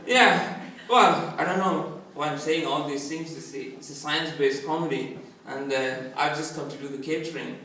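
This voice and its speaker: A man's voice: on the high side, measured pace. Middle-aged Indian-born man doing stand-up. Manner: self-mocking, deadpan punchlines between laughs. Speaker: stand-up comedian. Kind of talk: stand-up comedy set. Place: large echoey performance hall. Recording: echoey hall, distant, noisy.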